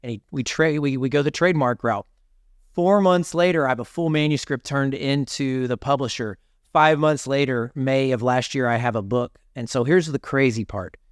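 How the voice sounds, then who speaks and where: A man's voice: medium pitch, normal speed, clear, resonant tone, dry recording. Man, 40s, podcast guest; emphatic and preachy, mid-range voice, dry close mic. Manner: emphatic, preachy, casual "dude" and "brother". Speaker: podcast guest, author and speaker. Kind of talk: energetic storytelling in an interview.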